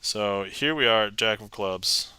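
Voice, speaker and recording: A man's voice: on the low side, takes it slowly, sharp tone, smooth, no room sound. A man hosting a live magic stream in casual chat, upbeat and chatty as he reads out and thanks his viewers. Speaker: magician livestream host.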